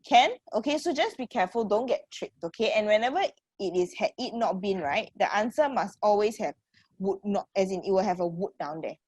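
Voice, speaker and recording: A woman's voice: mid-range voice, lively intonation, a little fast, darkish tone, breathy edge, no room sound. A woman with a Singaporean accent teaching an online English class on a computer mic. She encourages her students, calls them sweetheart, and keeps checking in with "okay" and "right?".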